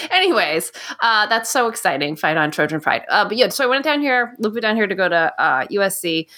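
Bright, chatty woman guest. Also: mid-range voice, fairly quick. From Nevada. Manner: animated and chatty, many likes and self-aware jokes. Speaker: guest, actress and comedian. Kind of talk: casual podcast chat.

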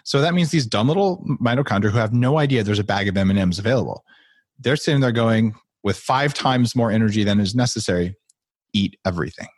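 A man's voice: medium pitch, expressive, fast, no echo, clean studio sound. A man talking as a podcast guest, playfully acting out the voices in people's heads as he explains. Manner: playful, acts out inner voices. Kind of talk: animated interview talk.

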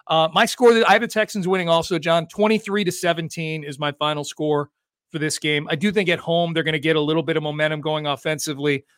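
A man hosting a sports talk podcast, chatty and energetic, talking quickly about football. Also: on the high side, clear, resonant tone, dry recording, clean studio sound. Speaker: podcast host.

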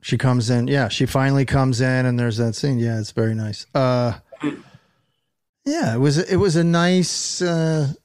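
A man's voice: medium pitch, unhurried, a little mellow, smooth, dry recording. A middle-aged man chatting casually as a podcast guest, with dry, self-deprecating humor. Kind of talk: casual chat.

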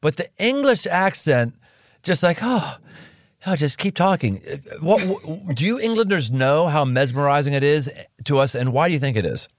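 A man's voice: on the high side, expressive, moderate pace, no room sound, clean studio sound. An American man hosting a podcast interview, exuberant and jokey, with a lot of emphasis. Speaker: podcast host. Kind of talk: casual interview.

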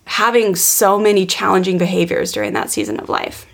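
Podcast host, woman, thirties, a touch of fry, animated storyteller who quotes herself. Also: mid-range voice, a little fast. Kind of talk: casual storytelling chat.

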